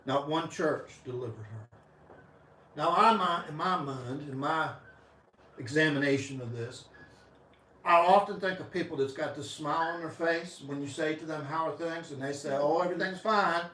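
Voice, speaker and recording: A male pastor preaching a sermon with passion, his voice swinging from loud to soft. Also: a little high, normal speed, reverberant, recorded from a distance, poor audio. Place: church sanctuary.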